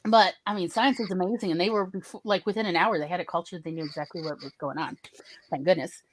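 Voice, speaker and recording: A woman hosting a casual talk show, telling a personal story in a lively way and acting out other people's lines in shifting voices. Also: on the low side, fast, dry recording. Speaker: podcast host telling a story.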